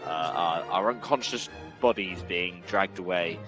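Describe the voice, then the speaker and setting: A man's voice: deep voice, unhurried, music in the background, low-quality recording. A man playing a tabletop game, rambling and joking with lots of self-interruptions. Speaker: player. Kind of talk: casual tabletop banter.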